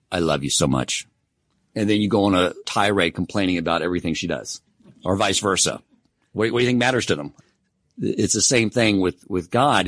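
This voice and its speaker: A man with a deep, low voice gives a relaxed Torah class. He tells personal stories with self-deprecating humor. The sound is close and dry, with no room echo. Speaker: Torah teacher. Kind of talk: casual Torah class lecture.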